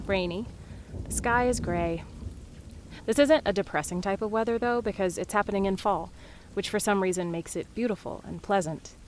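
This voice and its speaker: Calm woman narrating a dream. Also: mid-range voice, noisy background. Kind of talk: second-person scripted narration.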